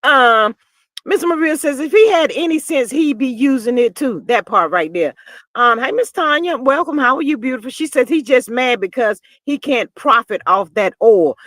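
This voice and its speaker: A woman hosts a casual gossip stream, blunt and sassy. Her voice is high and bright, and it jumps between loud outbursts and low mutters. The sound is dry and close. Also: animated, normal speed, no echo. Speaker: livestream host. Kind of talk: casual gossip commentary reading live chat.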